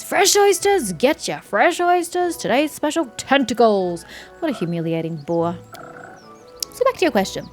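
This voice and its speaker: Woman voicing a pompous gnome man, fussy, theatrical, lively swings in pitch. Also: lightly acted. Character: fussy male gnome scholar, pompous and cursed.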